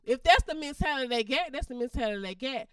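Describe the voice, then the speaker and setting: A woman's voice: high voice, lively intonation, fast, smooth, no echo, studio quality, recorded from a distance. A woman co-hosting a casual podcast, talking bluntly and emphatically with lots of profanity. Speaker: podcast co-host.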